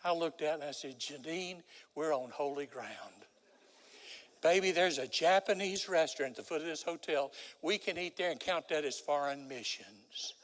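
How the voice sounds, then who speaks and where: Casting: older male preacher, slightly high voice, big church reverb, dramatic storyteller. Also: normal speed. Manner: dramatic storyteller, swings from loud to hushed. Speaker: guest preacher. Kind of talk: sermon with storytelling. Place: large church sanctuary. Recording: long hall reverb.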